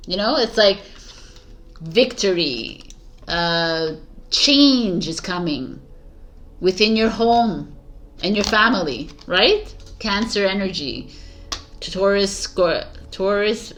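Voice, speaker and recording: A woman's voice: mid-range voice, lively intonation, slow pace, a bit bright, a little hiss or hum. Enthusiastic woman giving a tarot reading. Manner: rambling and enthusiastic, many restarts. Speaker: tarot reader. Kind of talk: casual tarot reading to camera.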